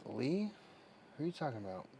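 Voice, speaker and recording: A man hosting a livestream, chatting casually with viewers and reacting slowly to their messages. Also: mid-range voice, very animated, vocal fry, dark tone, slight background noise. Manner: slow, drawling, reacting to chat messages. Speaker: livestream host. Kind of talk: casual chat with live viewers.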